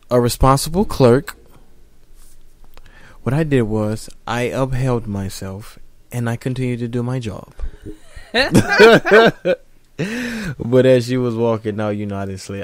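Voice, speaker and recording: A relaxed young man with a Southern US accent co-hosts a casual podcast chat. He tells stories in easygoing slang. His voice sits a little low. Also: clear, resonant tone. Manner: laid-back, slangy storytelling. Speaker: podcast co-host.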